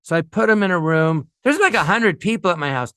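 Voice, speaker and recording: A man's voice: high-pitched, lively intonation, a little fast, pushed and bright, smooth, no room sound, studio quality. A man telling rambling, funny anecdotes as a guest, often laughing at his own stories. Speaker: guest storyteller.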